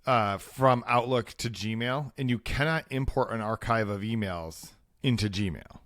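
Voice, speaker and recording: A man's voice: medium pitch, unhurried, fairly bright tone, dry recording, studio quality. A man co-hosting a tech podcast in casual chat, wry and rambling, often correcting himself mid-sentence. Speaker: podcast co-host.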